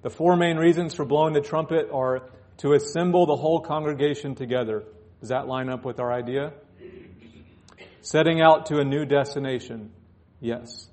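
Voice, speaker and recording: A man's voice: fairly high pitch, normal speed, a little mellow. Man preaching with joking asides. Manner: joking asides between scripture readings. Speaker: pastor. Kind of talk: sermon. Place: church.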